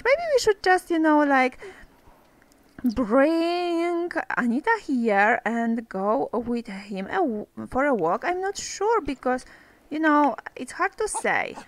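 High, lively woman gamer talking to her game. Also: dry recording, rough recording. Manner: chatty, talks to game characters, exclaims over cute moments. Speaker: let's play gamer. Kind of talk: casual gameplay commentary.

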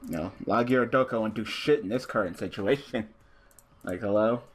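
A man's voice: lowish voice, normal speed, breathy edge. A young man hosting a gaming channel, commenting live on a card game and ranting with heavy swearing when things go wrong. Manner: frustrated ranting, heavy swearing, rising to shouts.

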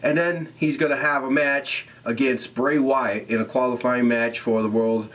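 Young guy rambling thru a wrestling recap, swears constantly, keeps laughing, regular pitch. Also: moderate pace. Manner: animated, laughs often, rambling fillers. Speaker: wrestling show reviewer. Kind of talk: casual recap, heavy swearing.

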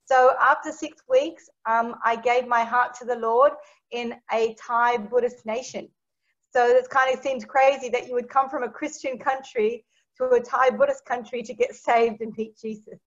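A woman, a guest telling her personal testimony as a lively storyteller who acts out the dialogue she quotes. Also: on the high side, normal speed. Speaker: interview guest. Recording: dull lo-fi recording.

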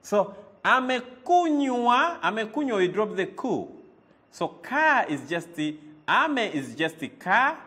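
A man's voice: high voice, sing-song, unhurried, sharp tone. A man teaching a language lesson, repeating words and quizzing the listener with "eh?" as he goes. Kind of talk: lively spoken language lesson.

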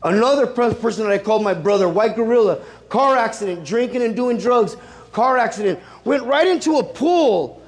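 A man's voice: extremely high pitch, lively intonation, normal speed. A middle-aged man giving a personal testimony to teens as a Catholic youth speaker, emphatic and full of street slang, repeating key phrases. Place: large room with a teen audience. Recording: echoey room.

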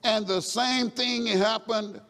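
A man with a high voice preaches a sermon in call-and-response style. At times he rises to a shout or a chanted refrain. The voice rings with long reverb in a church hall. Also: steady tone, slow pace.

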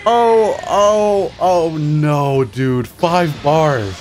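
A man with a slightly raised voice talks through his own fighting-game matches, groaning at his mistakes and cheering his comebacks. Loud game music plays behind him the whole time. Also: a little high, very slow. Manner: excitable, groaning and self-mocking as he plays. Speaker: gaming channel host. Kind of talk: live gameplay commentary. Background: game music and sound effects.

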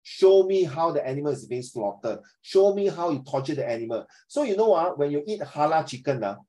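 A man's voice: on the high side, big pitch swings, fairly quick, mellow, low-quality recording. A middle-aged male teacher, chatting animatedly with his class over a video call and slipping into Mandarin phrases. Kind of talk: online class discussion.

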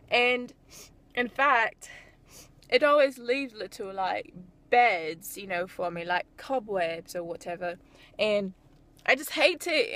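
A woman's voice: on the high side, pushed and bright. Young woman rambling in a put-on British accent. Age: young adult. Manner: rambling, many fillers. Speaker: vlogger. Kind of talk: casual vlog talk. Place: in her car.

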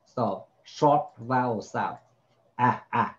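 A man takes a child through spelling words at an unhurried pace. He sounds out the vowels patiently and repeats each word before moving on. His voice sits at a middle pitch, and the recording sounds dull and lo-fi. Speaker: home tutor.

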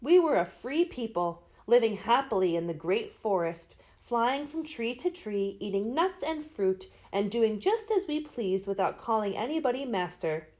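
A woman's voice: a little high, sing-song, normal speed, few pauses, a little mellow. The courteous king of a band of winged monkeys in a storybook, voiced by a woman reading aloud, telling a long tale. His voice rises and falls a lot, and the recording is dull.

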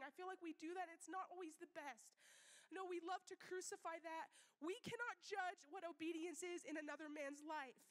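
A woman's voice: extremely high pitch, a bit bright, big-room sound. A woman missionary preaching a sermon in a church meeting room, earnest and emphatic, repeating key phrases, sniffling as she speaks.

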